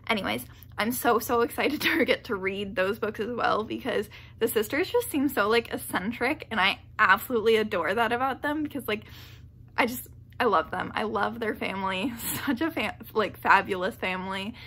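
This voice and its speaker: Bright, gravelly-voiced woman gushing on a vlog. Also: a little high, moderate pace. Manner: rambling and gushing, heavy with "like" fillers; laughs often mid-sentence. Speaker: book vlogger. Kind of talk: casual vlog chat.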